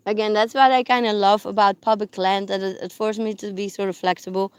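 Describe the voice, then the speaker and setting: A woman chatting on a live stream from her parked car, rambling with many fillers and restarts, and softly cooing to her dogs. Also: medium pitch, fairly even intonation, a little fast, smooth. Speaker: livestreamer. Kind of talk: casual live-stream chat. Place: parked car on public land.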